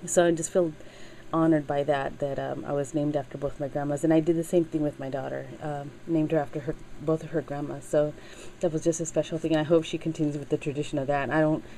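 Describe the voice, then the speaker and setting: A middle-aged woman chatting casually in a craft video, halting with many fillers and getting teary as she talks. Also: low-pitched, little pitch movement, mellow, slight background noise, low-quality recording. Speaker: crafting channel host.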